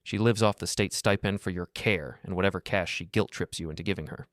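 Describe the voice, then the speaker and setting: Man reading a cold, calculating investigator, clipped and flat, dry low voice in a storybook. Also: a little fast, no room sound, lightly acted.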